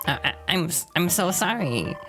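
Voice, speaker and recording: A woman's voice: fairly low pitch, sing-song, normal speed, voice pushed up. A woman voicing a nerdy, lovestruck male chameleon lord who stammers and gets flustered, with game music behind. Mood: nervous.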